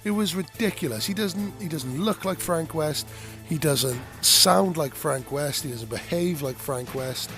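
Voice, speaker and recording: A man hosting his own gaming channel, speaking in a blunt, animated, opinionated monologue and swearing freely. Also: fairly high pitch, measured pace, soft background music.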